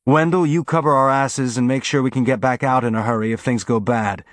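A man playing a spaceship captain giving brisk orders during a raid. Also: mid-range voice, fairly even intonation, no echo, natural voice. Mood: commanding. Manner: brisk, commanding.

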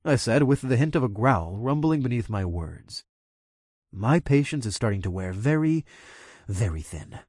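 A man reads a first-person story aloud, his pitch moving up and down as he tells it. He sounds close to the mic in a dry room with no echo, and every line carries feeling. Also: normal speed. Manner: expressive, voices every character. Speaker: audiobook narrator.

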